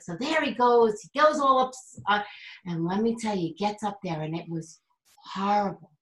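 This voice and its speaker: Animated woman storyteller in an echoey room. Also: mid-range voice, normal speed. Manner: animated, acts out quotes, many fillers and restarts. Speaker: guest, psychic medium and teacher. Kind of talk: casual storytelling interview. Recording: roomy echo.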